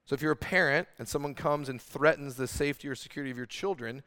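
A man preaching a sermon in earnest, animated style, asking the room rhetorical questions. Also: fairly high pitch, fast talker. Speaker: pastor. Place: large room with congregation.

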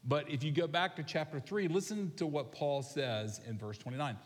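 A man preaching a sermon to his congregation in a relaxed, animated way, often asking the people questions. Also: fairly high pitch, moderate pace. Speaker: pastor. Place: large church sanctuary. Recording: long reverb of a large hall.

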